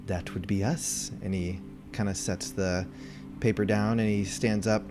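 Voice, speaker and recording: A man running a tabletop game as game master, narrating in a relaxed way with many fillers, music behind. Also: lowish voice, unhurried.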